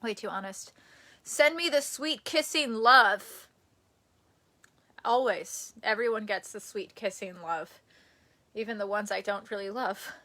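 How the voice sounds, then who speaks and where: A young woman from the United States chatting casually on a live stream at home, self-deprecating and quick to laugh. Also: medium pitch, pushed and bright. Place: indoors at home near a bed. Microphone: phone or camera on a tripod.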